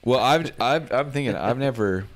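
A man's voice: mid-range voice, expressive, moderate pace. A man co-hosting a comedy podcast, riffing with mock-serious indignation. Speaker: podcast co-host. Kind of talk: casual comedic chat.

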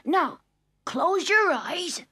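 A woman's voice: very high voice, expressive, drawn-out words, bright, forceful tone, voice pushed up, heavily acted. A woman voicing a sleepy little field mouse in a storybook read-aloud, drowsy in manner. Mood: helpful. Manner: drowsy, then eager to help.

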